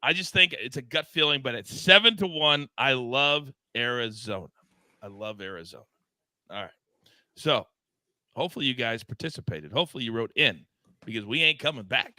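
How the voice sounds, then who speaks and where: A man's voice: medium pitch, animated, fast, pushed and bright, no echo. A man hosting a live sports betting show, bantering with his co-hosts and reading the chat. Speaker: show host.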